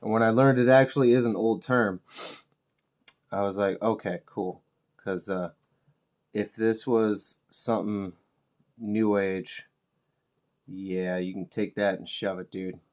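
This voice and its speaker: A middle-aged man talks in a loose, rambling way while he paints miniatures. His voice sits a little low, and he swears freely and pokes fun at himself in an easygoing, unhurried manner. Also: steady tone, darkish tone. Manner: laid-back, swears freely, self-mocking humor. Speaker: miniature painting channel host.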